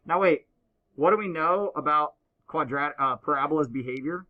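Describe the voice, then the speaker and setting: A man teaching a high school math class, explaining step by step and teasing his students. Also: normal speed, narrow, tinny audio. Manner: playful, teasing banter with students. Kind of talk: classroom lecture.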